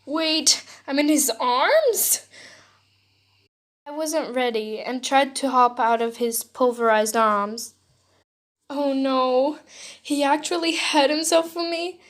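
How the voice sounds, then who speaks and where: A woman reads a listener-insert fan story aloud, soft and emotional in her telling. Her voice sits fairly high and she takes her time, moving at a slow, unhurried pace. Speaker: fanfiction reader. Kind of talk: second-person fan story narration.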